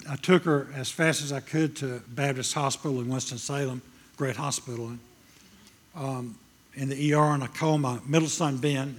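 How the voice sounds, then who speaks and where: A man's voice: mid-range voice, slightly rough. An older man preaching a sermon, telling a personal story with emphatic, shifting delivery. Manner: emphatic, swings from loud proclaiming to quiet storytelling.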